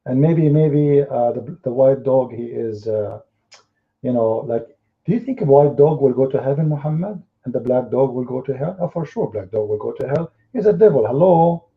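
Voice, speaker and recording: This man runs an online debate room, and his mid-range voice is expressive at a moderate pace. He mocks and scorns, acting out those he quotes, and the sound is tinny and phone-like.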